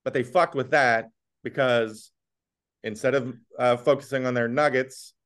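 A man's voice: mid-range voice, steady tone, a little slow, a bit bright. A man co-hosting a podcast, ranting bluntly and sarcastically about food prices in casual chat. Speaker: podcast co-host.

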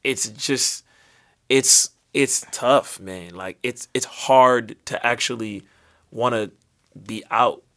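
A man in his twenties co-hosting a casual podcast chat, telling stories in a relaxed, reflective way. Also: mid-range voice, takes it slowly. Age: 20s. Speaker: podcast co-host.

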